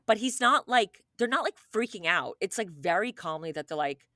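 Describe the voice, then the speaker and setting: A young adult woman co-hosting a podcast, recounting a true story in casual chat, animated and profane, peppered with "like" and acting out quoted people. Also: mid-range voice, normal speed, no room sound, studio quality. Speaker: podcast co-host.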